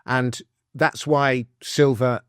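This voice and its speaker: A man, speaking as a guest author in a casual interview, chatty and explaining with quick restarts and asides. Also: medium pitch, steady tone, fairly bright tone, clear, resonant tone, dry recording, studio quality. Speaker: author and financial commentator, guest.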